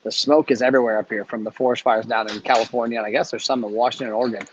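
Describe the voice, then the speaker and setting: Quick chatty guy hosting a live stream chat, kinda muffled audio. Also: mid-range voice, fairly even intonation, a little hiss or hum. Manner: brisk storyteller, chatty. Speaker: host. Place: travelling, speaking from a hotel.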